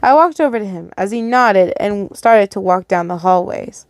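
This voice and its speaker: A woman's voice: medium pitch, lively intonation, moderate pace, dry recording. A woman reading a first-person fan fiction story aloud, stumbling over words and correcting herself, with casual asides.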